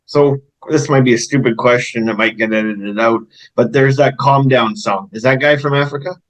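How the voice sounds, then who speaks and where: A Canadian man hosting an interview, asking easygoing questions with halting restarts. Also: mid-range voice, low-quality recording. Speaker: podcast host.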